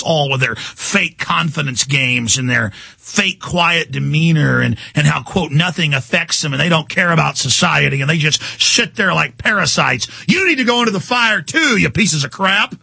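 A male talk radio host in an angry political rant, furious and ranting, at times breaking into shouts. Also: a little high, moderate pace, gravelly, breathy edge, dry recording.

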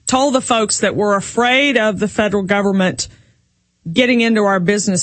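A woman's voice: fairly high pitch, no room sound. A woman, a political candidate speaking firmly as a radio guest. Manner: firm, speech-like advocacy. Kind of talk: political talk radio interview.

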